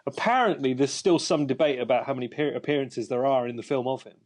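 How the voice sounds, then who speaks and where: A man's voice: mid-range voice, fast talker, darkish tone. Guy on a podcast, rambly, lots of um and you know. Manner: rambling, lots of fillers and restarts. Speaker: podcast host. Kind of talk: casual chat.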